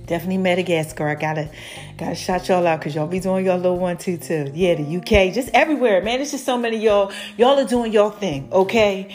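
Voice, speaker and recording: A woman's voice: lowish voice, fast, faint music behind. A woman hosting her own podcast, giving a casual, effusive update to her followers, calling them y'all and baby. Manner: animated, effusive, addresses listeners as y'all and baby. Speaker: podcast host and brand owner.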